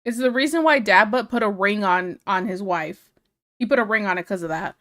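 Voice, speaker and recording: A woman streamer chatting casually while she draws, frank, teasing and quick to giggle. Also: medium pitch, fairly bright tone. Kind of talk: casual chat while drawing.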